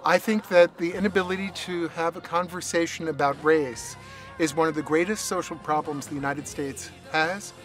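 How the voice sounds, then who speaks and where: A man's voice: a little high, fairly even intonation, normal speed, music in the background. Earnest man in a documentary interview.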